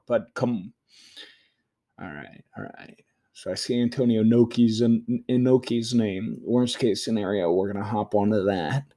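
A man hosting a show, casually talking himself through a game, swinging between loud outbursts and quiet muttering. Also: lowish voice, slightly rough. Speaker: podcast host. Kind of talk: casual live commentary while playing a game.

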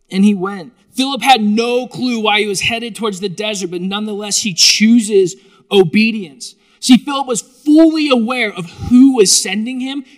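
A man preaching a sermon to a live congregation in a lively, joking, conversational way. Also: sits high. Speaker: pastor.

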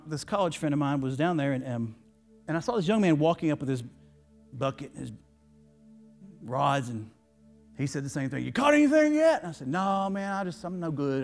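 A man's voice: on the high side, creaky. A male pastor preaching a sermon, telling a story in a folksy, emotional way with many restarts. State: tearful. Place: church.

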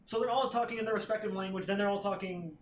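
A man's voice: sits high, fairly even intonation, fast, a little hiss or hum. A man on a podcast casually recapping a comic plot, rambling and swearing, acting out characters' lines. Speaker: podcast co-host. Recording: roomy echo.

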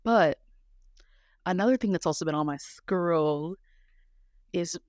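A young woman co-hosting a casual chat podcast, talking in a chatty, animated way with quick asides. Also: on the low side, no room sound, studio quality. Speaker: podcast co-host.

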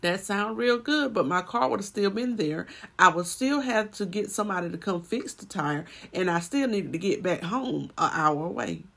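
A woman's voice: mid-range voice, lively intonation, normal speed, creaky, hardly any pauses, a bit bright. Woman preaching, rising to emphatic swells. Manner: storytelling sermon with swells of emphasis. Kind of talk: sermon.

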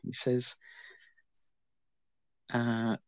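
A man's voice: medium pitch, monotone, extremely slow, smooth, dry recording. A man hosting a casual film review chat, talking with dry, wry understatement. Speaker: podcast host.

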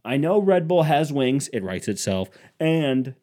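A young man hosting a casual comedic monologue, sarcastic, swinging from loud bursts to muttered grumbling. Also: mid-range voice, very animated, a little slow.

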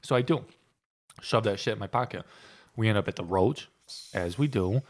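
A man's voice: lowish voice, normal speed. Young man telling a rowdy bar story. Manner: animated, profane storyteller. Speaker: podcast co-host. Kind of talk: casual storytelling chat.

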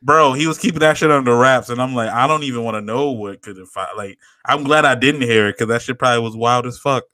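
Bright-voiced young man telling a story. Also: medium pitch, fast talker, few pauses, dry recording. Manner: rambling, laughing, swearing a lot. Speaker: podcast co-host. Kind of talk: casual chat, storytelling.

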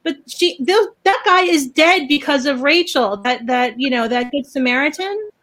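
A woman chatting casually as a podcast host, ranting in an animated, opinionated way. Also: high-pitched, moderate pace. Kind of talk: casual chat.

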